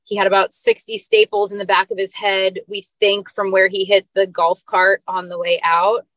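A woman's voice: medium pitch, flat delivery, normal speed, fairly bright tone, dry recording. A woman guest on a podcast, telling a personal story in an earnest, emotional way with casual fillers. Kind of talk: personal story told in an interview.

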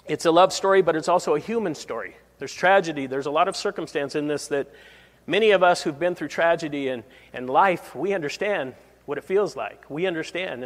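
Male pastor, slightly high voice, chatty preaching with chuckles; reverberant sanctuary sound. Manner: conversational, chuckles at own stories. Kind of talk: verse-by-verse sermon.

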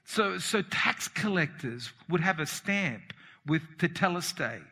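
A man preaching a fervent, emphatic sermon as pastor, swinging between shouts and quiet asides. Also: fairly high pitch, expressive, measured pace, husky. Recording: long reverb of a hall.

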